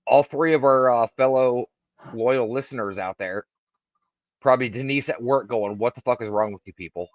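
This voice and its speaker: A man's voice: medium pitch, normal speed, dry recording. A man with a mid-range voice teases his co-host and keeps the show on track. His sound is dry and close, with dull lo-fi quality. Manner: dry teasing, runs the show's announcements. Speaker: podcast co-host. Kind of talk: casual podcast chat.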